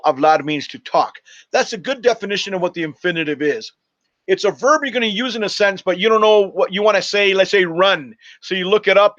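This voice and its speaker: A man's voice: sits high, a bit bright, muffled recording. A man teaching a recorded online Spanish class, explaining grammar step by step and repeating the key points, with a frequent "uh".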